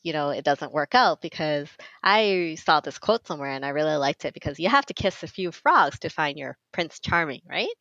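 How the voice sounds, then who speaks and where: A woman's voice: sits low, expressive, moderate pace, hardly any pauses, fairly bright tone, no echo. A woman co-hosting a podcast, musing aloud in casual chat, on a slightly dull lo-fi recording. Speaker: podcast co-host.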